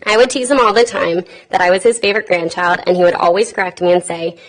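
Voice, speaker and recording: A woman's voice: lowish voice, steady tone, fast talker, rough recording. Woman in her twenties giving a heartfelt eulogy. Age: 20s. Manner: heartfelt, tender, with light humor. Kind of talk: read eulogy. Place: funeral chapel.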